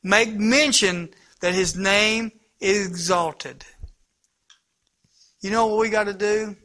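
High, bright-voiced preacher. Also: male voice, takes it slowly. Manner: impassioned preaching that swings from loud to hushed. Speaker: pastor. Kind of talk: sermon.

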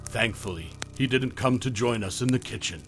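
A man narrating a first-person horror story in a hushed, measured way. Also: mid-range voice, faint music behind.

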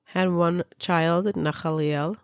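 A middle-aged woman from Israel tells a personal story in an earnest, heartfelt way, doubling her words for weight. Her voice sits low with a gravelly edge, and the sound is close and dry. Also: steady tone, slow pace, no echo. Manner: earnest, repeats words for emphasis. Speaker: speaker sharing a personal story.

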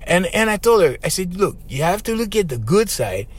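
A man's voice: high voice, sing-song, brisk, slightly rough. A middle-aged man, hosting a podcast and telling a client's story in a chatty way, checking in with "okay?" and "right?". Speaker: podcast host and life coach.

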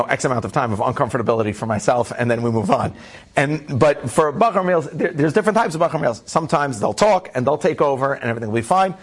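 A man telling a funny personal story to an audience, animated and self-deprecating, often breaking into quoted voices. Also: mid-range voice, husky. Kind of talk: anecdotal storytelling talk.

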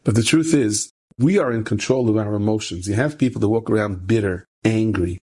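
A man's voice: fairly quick, breathy edge. A man, a rabbi, telling a story with a moral lesson in a conversational way, repeating phrases for emphasis. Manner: conversational, repeats phrases for emphasis, rising pitch when animated.

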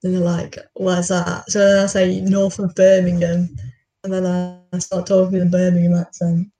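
A woman's voice: on the low side, completely flat delivery, fairly quick, mellow. Chatty young woman from Stafford, roomy sound. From Stafford, England. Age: young adult. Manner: chatty, laughs often. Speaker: podcast co-host. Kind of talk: casual chat. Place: student room at a university. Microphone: remote call mic. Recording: roomy, distant call audio.

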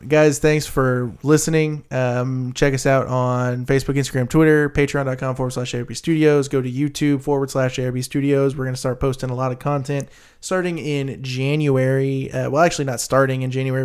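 A man hosting a casual podcast, talking in a relaxed way with many fillers. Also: medium pitch, clear, resonant tone. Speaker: podcast host. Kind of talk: casual chat.

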